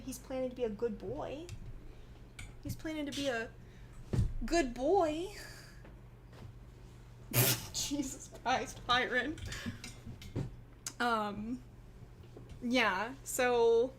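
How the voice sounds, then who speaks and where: A woman's voice: fairly high pitch, a bit bright, a little hiss or hum. A young woman from Texas telling a family story in a casual vlog, rambling and giggling often. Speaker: vlogger.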